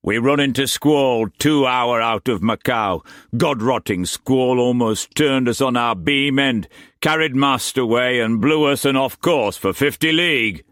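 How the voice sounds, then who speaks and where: A man's voice: mid-range voice, a little slow, fairly bright tone, dry recording, clean studio sound, voice pushed up, lightly acted. A man reading aloud, voicing a hard, pockmarked first mate who speaks in blunt sailor's dialect. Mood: steady.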